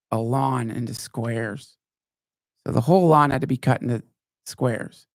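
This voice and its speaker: Man, podcast host, gravelly, dry close sound, rambling profane storytelling, wry, mocking high voices. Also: no echo. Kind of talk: casual storytelling monologue. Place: live show.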